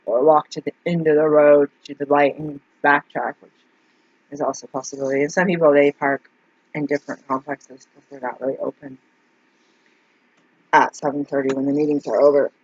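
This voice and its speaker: A vlogger with a low voice tells a meandering story in a casual, rambling monologue packed with fillers and asides. The recording is dull, lo-fi, and dry, with no echo.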